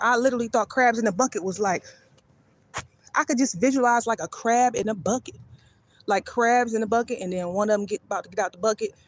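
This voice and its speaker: Chatty woman walking outdoors at night. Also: fairly high pitch. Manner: chatty and loose, breaks off to call her dog; talks while walking. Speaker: vlogger on a live stream. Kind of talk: casual rambling talk. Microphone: phone held by hand.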